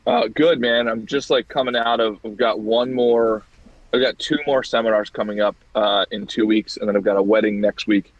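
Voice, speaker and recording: A young man co-hosting a podcast in casual chat, telling stories in an animated, easily amused way. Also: fairly low pitch, normal speed, dry recording. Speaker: podcast co-host. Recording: dull, dry sound.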